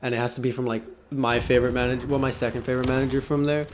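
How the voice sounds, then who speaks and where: A young man tells a story from his job in a loose, casual vlog style, swearing a lot and laughing at his own jokes. His voice sits at an ordinary pitch for a man. A faint hiss of noise runs under the recording. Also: little pitch movement, racing. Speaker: vlogger.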